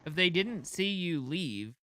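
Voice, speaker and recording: A man's voice: fairly high pitch, lively intonation, unhurried, pushed and bright. A man on a podcast, reasoning aloud about a game ruling with dry humor. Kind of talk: casual chat about tabletop gaming.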